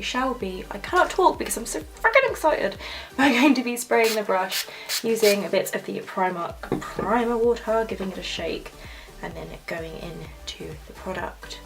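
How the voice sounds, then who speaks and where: A young woman gushing excitedly while talking through a makeup tutorial. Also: mid-range voice, creaky. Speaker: makeup vlogger. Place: home filming setup with ring light.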